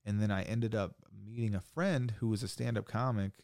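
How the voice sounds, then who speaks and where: A young man telling a wild story in casual chat, saying "like" a lot and swearing freely, getting animated. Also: fairly low pitch, fairly quick, dry recording, studio quality. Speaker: podcast guest.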